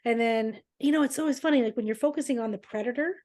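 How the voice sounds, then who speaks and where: Chatty woman on a podcast, slightly high voice, laughs a lot while telling stories. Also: quick pace. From Canada. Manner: animated storyteller, laughs often, does voices of her dad. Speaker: podcast co-host. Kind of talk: casual chat.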